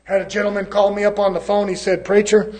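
A preacher from California, a man preaching a fiery sermon in a folksy way, swinging from loud to low. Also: completely flat delivery, fast.

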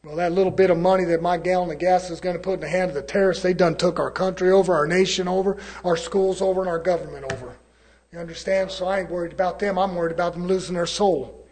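A preacher from California, a man preaching a fiery sermon in a folksy way, swinging from loud to low.

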